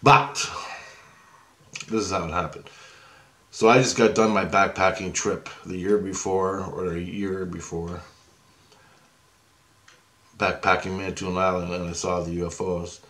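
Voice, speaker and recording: A man's voice: low-pitched, steady tone, measured pace, pauses often, a bit bright. A middle-aged man telling a personal story in a loose, rambling, chatty way, with slang and swearing. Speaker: storyteller recounting a past experience.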